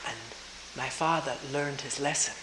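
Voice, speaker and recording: Older woman, reflective talk on hissy tape. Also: very deep voice. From Germany. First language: German. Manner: slow, thoughtful, pausing, soft laughs. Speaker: retreat teacher. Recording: roomy old tape with hiss.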